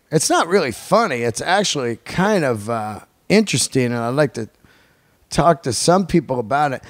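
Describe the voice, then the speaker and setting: In a studio-quality recording with no room sound, a man in his 50s hosts a podcast. His mid-range voice carries a rambling, profane monologue of animated, casual storytelling.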